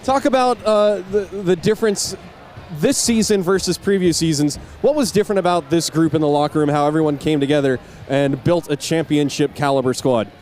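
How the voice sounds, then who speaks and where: A high-voiced male on-ice interviewer, gushing and emotional after a title win. He rambles and restarts his questions, with faint noise behind him. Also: brisk, darkish tone. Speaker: on-ice interviewer for a hockey broadcast. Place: on the ice at a rink after a game.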